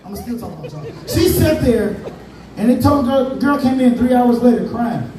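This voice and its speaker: A man's voice: very high-pitched, animated, moderate pace, dark tone, a little hiss or hum. A man doing a stand-up comedy set, telling a story with casual Southern US slang. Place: comedy club stage. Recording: echoey room from far off, crowd.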